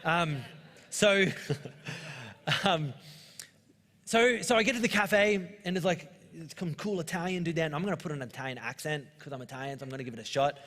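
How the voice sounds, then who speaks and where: An Australian man in his thirties preaching a sermon with a fairly high voice, talking to the congregation in a loose, joking way and telling personal stories. The sound has a long hall reverb, as in a church auditorium. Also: normal speed, pauses often, fairly bright tone. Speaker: pastor.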